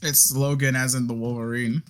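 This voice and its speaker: A man's voice: mid-range voice, level tone, moderate pace. A man acting as game master, giving matter-of-fact rulings with dry jokes. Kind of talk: running a tabletop game. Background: faint music.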